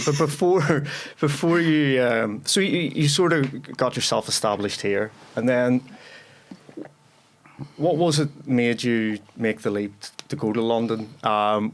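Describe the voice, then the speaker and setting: A man's voice: mid-range voice, unhurried. A Northern Irish man hosting a podcast, blunt and swearing freely, often restarting his sentences. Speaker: podcast host. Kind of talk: casual podcast chat.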